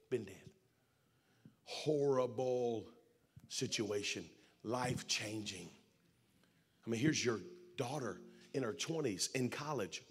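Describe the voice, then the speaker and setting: A man preaching a sermon, telling a story and then building to shouted, fervent preaching. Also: mid-range voice, slightly rough.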